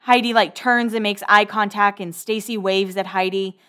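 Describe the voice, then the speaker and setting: A woman's voice: medium pitch, fairly even intonation, moderate pace, fairly bright tone, clean tone. Chatty woman with sarcastic asides. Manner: rambling, sarcastic asides, self-corrections. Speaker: podcast host recapping a reality show. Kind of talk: casual chatty recap.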